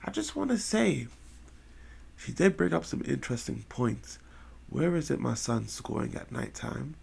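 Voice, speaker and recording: A man giving casual gameplay commentary with slangy, excitable reactions. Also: medium pitch, unhurried, vocal fry, slight background noise. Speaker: gaming video host.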